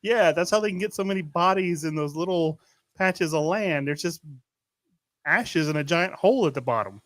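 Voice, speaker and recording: Podcast host from Louisiana, slightly high voice, rambling storyteller, very dry close mic. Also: male voice, expressive, normal speed, a bit bright, dry recording. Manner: rambling storyteller, laughs often. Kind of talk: casual chat.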